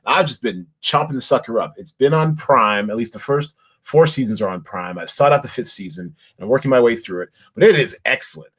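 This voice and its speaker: A man's voice: mid-range voice, animated, a little fast, hardly any pauses, fairly bright tone, breathy edge. A man hosting a podcast, chatting casually about TV shows in a rambling way, with lots of restarts and fillers. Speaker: podcast host. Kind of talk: casual chat.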